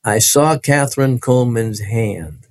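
A man's voice: medium pitch, a little slow, no room sound. Man telling his story emphatically. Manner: animated, emphatic, repeats phrases. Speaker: interview guest. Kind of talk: personal storytelling.

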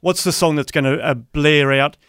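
An easygoing Australian man co-hosting breakfast radio, his voice a bit higher than most men's. The sound is dry and close. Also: steady tone, moderate pace, fairly bright tone, clear, resonant tone, no echo. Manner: easygoing, hesitant, laughs a lot. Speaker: radio co-host.

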